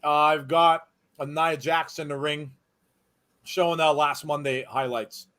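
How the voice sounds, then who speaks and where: A slightly high-voiced man hosts a live watch-along stream. He chats loosely and cracks jokes, riffing on viewer comments as they come in. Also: fairly even intonation, unhurried, fairly bright tone, a little hiss or hum. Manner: chatty, jokey, reads viewer comments aloud.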